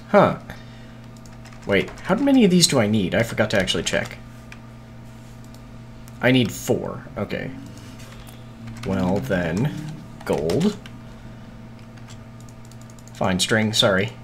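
A man's voice: on the low side, very animated, unhurried, long pauses, a little hiss or hum. A man streaming a video game, muttering to himself in casual, scattered chatter with frequent swearing and hiccups.

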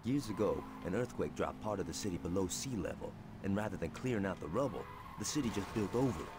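A brash, crude gangster sidekick in a video game, low-voiced but lively in pitch, with rough street slang. Clear noise runs under the game audio. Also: male voice, fast talker. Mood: explaining.

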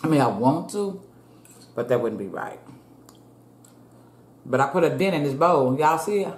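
A woman's voice: deep voice, animated, moderate pace. Chatty woman vlogging over a meal. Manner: chatty, addresses viewers as y'all. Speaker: food vlogger. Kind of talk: casual chat to viewers while eating. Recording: echoey room with faint ambience.

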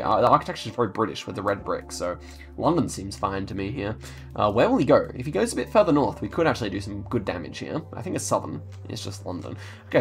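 A man's voice: on the low side, vocal fry. A man hosting a gaming channel, giving chatty think-aloud commentary on his gameplay and talking straight to his viewers.

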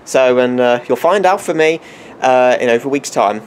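A man's voice: medium pitch, moderate pace, slight background noise. A man presenting a homemade weather forecast in a put-on American accent, rambling and often restarting and correcting himself mid-sentence.

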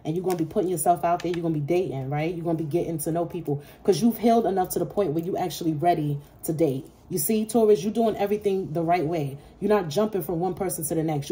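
Blunt low-voiced woman reading tarot. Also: mellow. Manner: blunt, swearing, talks straight to viewers. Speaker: tarot reader. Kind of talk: casual intuitive tarot reading.

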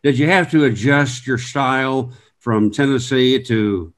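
A man hosting an interview in a relaxed conversational way, praising his guest and asking about his career. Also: medium pitch, unhurried. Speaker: interview host, former sportscaster.

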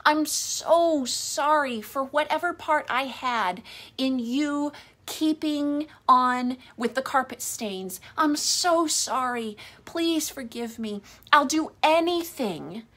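A woman's voice: sits high, expressive, takes it slowly, fairly bright tone, voice pushed up, full character voice. A woman voicing an adult husband who belittles and blames his wife, in a contemptuous tone. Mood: pleading. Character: scornful blaming husband, adult man.

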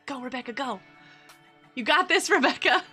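A woman's voice: high voice, lively intonation, moderate pace, pushed and bright, soft background music. A woman streaming a game live, chatting with her viewers in a bubbly, giggly way. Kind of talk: casual live-stream chatter while gaming.

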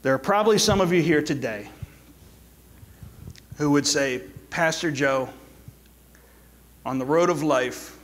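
Middle-aged male pastor, church sermon, a bit high-pitched, casual storytelling moving into soft exhortation. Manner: storytelling with quick asides, then soft pleading exhortation. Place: church sanctuary.

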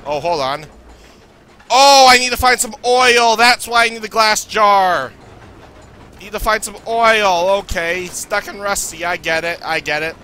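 A nervous young man from Canada talks his way through a horror game, muttering to himself and panicking aloud. His voice sits high and very bright. A faint hiss runs under the recording. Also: a little slow. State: losing his voice. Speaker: let's play gamer.

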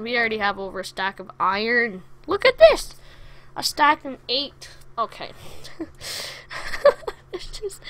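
Bright slow-talking woman gamer. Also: fairly high pitch. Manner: chatty, excitable, talks to the game's monsters. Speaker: gaming video creator. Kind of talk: let's play commentary.

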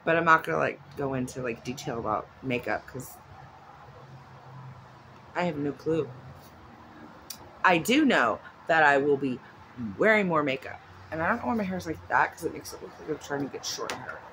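A woman's voice: low voice, animated, moderate pace, pauses often, fairly bright tone, slight background noise, poor audio. A woman vlogging at home in a casual, chatty way, rambling off into asides. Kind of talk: casual chat. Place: at home with her dog nearby.

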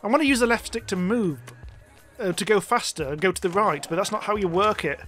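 Male let's-player, high bright voice, panicky and self-mocking. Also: a little fast. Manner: frantic swearing, self-mocking. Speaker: gamer. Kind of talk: let's play commentary. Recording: faint music behind. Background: game music.

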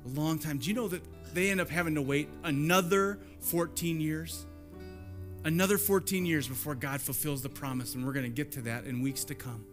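A man's voice: fairly high pitch, steady tone, fairly quick, soft background music. A man preaching a sermon as pastor in a church, conversational and storytelling, repeating lines for emphasis.

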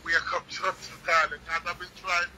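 A man from Jamaica phoning in, his voice high and very bright. He gushes with affection, heard through a phone line with faint noise behind him. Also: level tone, a little fast. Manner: effusive, affectionate. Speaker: caller. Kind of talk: phone call to a live stream. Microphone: phone call.

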